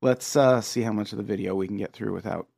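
A man hosting a podcast, telling a story in casual chat, animated and quick to laugh. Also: fairly low pitch, vocal fry. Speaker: podcast host.

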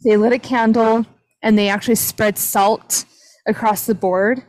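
A woman's voice: on the high side, fairly even intonation, unhurried, darkish tone, no echo, poor audio. Chatty woman telling a spooky story. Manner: chatty, retelling a paranormal story with many "like" fillers. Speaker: podcast host. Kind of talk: casual storytelling chat.

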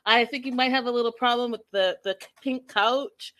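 Woman voicing a fiancée who is done: curt, dismissive, slightly raised pitch. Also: moderate pace, a bit bright, close to an everyday voice. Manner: blunt, dismissive. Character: fed-up young woman evicting her fiancé.

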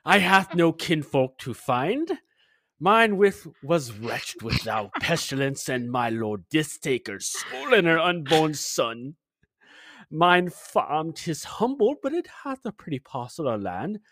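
A man's voice: fairly high pitch, big pitch swings, a bit bright, dry recording, studio quality, heavily acted. Man putting on a mock-German 1500s farmer. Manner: halting, stumbling over archaic words. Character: English farmer man from 1521, old-fashioned, chatty. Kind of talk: reading a message aloud in a put-on voice.

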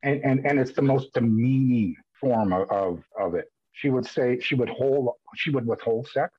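Male podcast guest, husky voice, dull dry recording; emotional, restart-heavy storytelling. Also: medium pitch, normal speed, no echo. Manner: emotional, animated retelling with repeated restarts. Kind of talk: candid conversational storytelling. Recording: dull lo-fi audio.

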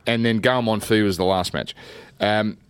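An Australian man co-hosting a sports show, telling stories in a lively casual chat. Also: normal speed, clean tone, dry recording. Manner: animated storyteller, jumps high when excited. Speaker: radio sports co-host.

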